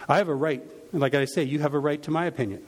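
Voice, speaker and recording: A middle-aged man, a pastor, preaching a sermon in a relaxed storytelling way, full of restarts and fillers. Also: fairly high pitch, fast talker, crowd noise. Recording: reverberant hall.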